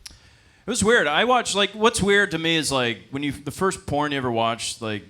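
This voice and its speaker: A man's voice: a little high, normal speed, pushed and bright. Young guy doing loose stand-up, lots of ums, laughs at his own lines. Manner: rambling, self-deprecating, with frequent fillers and laughs. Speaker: stand-up comedian. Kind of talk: stand-up comedy set. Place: comedy club stage.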